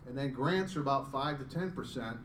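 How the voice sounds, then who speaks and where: Middle-aged male founder, casual self-deprecating live pitch; distant mic, faint hum behind. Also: a little fast, fairly bright tone. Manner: chatty and self-deprecating, joking with the crowd. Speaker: startup founder presenting. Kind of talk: live pitch presentation to an audience. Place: event room with an audience. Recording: roomy sound from a distance, faint background hum.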